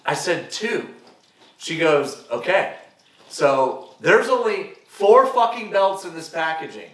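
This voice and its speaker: A young man, a podcast guest, telling a story in casual chat, animated and swearing freely as he acts out what people said. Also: a little high, measured pace. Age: young adult. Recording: roomy, distant mic.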